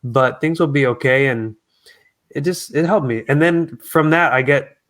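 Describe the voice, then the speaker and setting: A man speaking as a guest in a casual interview, talking in an earnest, reflective, soft-spoken way. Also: mid-range voice, moderate pace. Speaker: guest singer.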